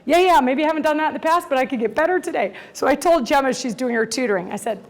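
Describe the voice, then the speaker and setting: High-voiced woman telling a family story. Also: fast talker, few pauses. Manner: emotional, laughs through tears, animated retelling of dialogue. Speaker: mother telling a personal story. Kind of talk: candid personal storytelling.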